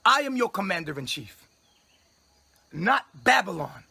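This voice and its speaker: High, husky man preaching commands. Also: big pitch swings, unhurried, bright, forceful tone. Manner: commanding, grandiose proclaiming; repetitive, scolding tone at listeners. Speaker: self-styled spiritual leader addressing followers. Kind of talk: livestream preaching monologue.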